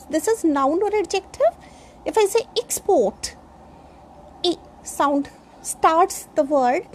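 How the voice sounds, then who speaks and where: High-pitched woman teacher, talks real slow, spells out words, lots of uh and you know. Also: a little mellow, slight background noise. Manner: slow, explains step by step, spells words letter by letter; frequent fillers like uh and you know. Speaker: English speaking teacher. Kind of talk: classroom lecture on pronunciation.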